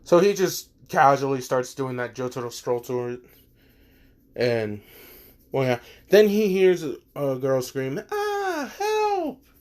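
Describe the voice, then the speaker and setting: A man retells a fan story in a casual, rambling way, full of fillers, asides and swearing. He speaks slowly at an average pitch. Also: lively intonation, a little mellow.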